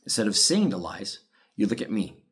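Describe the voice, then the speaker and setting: A frustrated man from ranting to camera in a heated, profane monologue, swinging between shouting and tired muttering. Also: on the low side, big pitch swings, normal speed. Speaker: parent speaking out about a custody case. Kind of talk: angry ranting video monologue.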